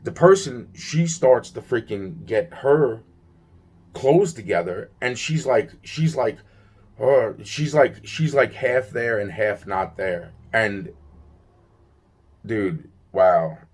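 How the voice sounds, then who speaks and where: A man's voice: lowish voice, slow, a little mellow, husky. A young man telling a personal story in an agitated, rambling way, swearing often and restarting his sentences. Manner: agitated, profane, many restarts and fillers.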